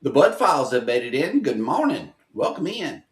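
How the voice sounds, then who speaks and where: A man's voice: fairly high pitch, sing-song, normal speed. Host guy calling out viewer names, bouncy voice, roomy echo. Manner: greets viewers by name. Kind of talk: casual live show chat.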